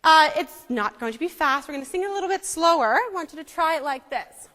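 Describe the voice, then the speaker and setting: A woman's voice: sits high, expressive, quick pace, pushed and bright. A woman leading a church music lesson, coaxing and demonstrative as she teaches a group to sing psalms. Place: church hall. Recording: echoey hall with faint singing behind.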